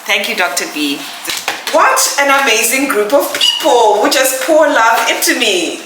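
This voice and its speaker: A woman's voice: a little high, big pitch swings, measured pace. A young woman vlogger, emotional and gushing with thanks as she unboxes gifts. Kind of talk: casual vlog unboxing. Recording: echoey room with noise.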